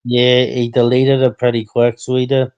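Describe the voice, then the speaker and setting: A man's voice: mid-range voice, completely flat delivery, moderate pace, darkish tone, clear, resonant tone, dull audio. A man hosting a casual livestream chat, rambling and repeating himself, getting heated.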